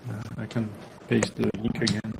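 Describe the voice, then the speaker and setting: A man's voice: lowish voice, monotone, normal speed, vocal fry, very noisy. A developer on a meeting call who asks his questions hesitantly and restarts them. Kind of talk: casual meeting chat.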